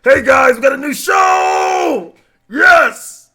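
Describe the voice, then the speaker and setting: A man putting on the voice of a loud, overexcited male presenter who shouts. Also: very high-pitched, expressive, slow, creaky, voice pushed up, full character voice. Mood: hyped.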